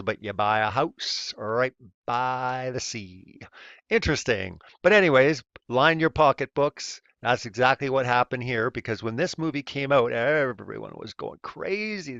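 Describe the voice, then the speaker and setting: A man's voice: medium pitch, lively intonation, moderate pace, fairly bright tone, dry recording. A man hosting a casual commentary video, speaking in a sarcastic, mocking way. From Canada. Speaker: host. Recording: dull lo-fi recording.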